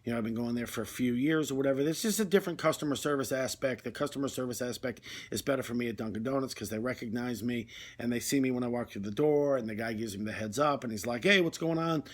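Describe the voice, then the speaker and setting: A man's voice: mid-range voice, fast, hardly any pauses. A man delivering a rambling, conversational comic monologue, full of fillers. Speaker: comedy video host.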